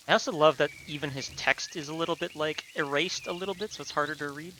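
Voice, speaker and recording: A man streaming a video game, recapping and chatting in a casual, animated way. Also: fairly high pitch, fast, hardly any pauses, slight background noise. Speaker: gaming streamer. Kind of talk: casual let's-play commentary.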